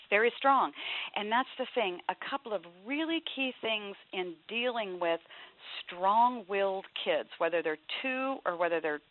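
A woman's voice: mid-range voice, no room sound. Woman in her 50s giving earnest advice, thin tinny phone sound. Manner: emphatic, earnest advice, drops to a soft voice for quoted pleas. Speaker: author and guest. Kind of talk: interview on parenting.

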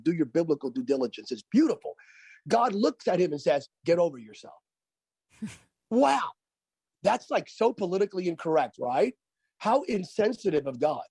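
A man's voice: high-pitched, darkish tone, husky, dry recording. A man who is a pastor and author, speaking as a radio interview guest in an emphatic preaching cadence and repeating phrases for effect.

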